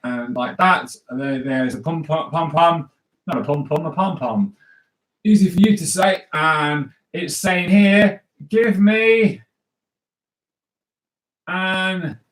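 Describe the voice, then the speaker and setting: A playful man with a fairly high voice talks his viewers through live cartoon drawing. His commentary is jokey and chatty, full of asides and silly sounds as he draws. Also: a bit bright, low-quality recording. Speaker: cartoonist host. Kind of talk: live drawing stream for kids.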